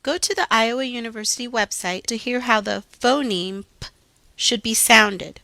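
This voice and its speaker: A woman reading out scripted teaching instructions in a slow, deliberate, carefully enunciated way. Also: a little high, vocal fry, sharp tone, no echo.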